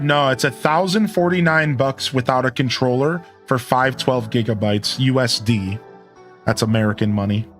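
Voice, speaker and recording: A man's voice: mid-range voice, fairly bright tone. A man hosting a live game stream, chatting casually and thanking viewers as he goes.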